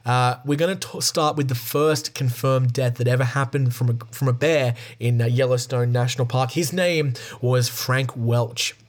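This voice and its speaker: A man's voice: medium pitch, fairly even intonation, moderate pace, hardly any pauses. A man casually reading stories from a book aloud, breaking off for jokey, profane asides.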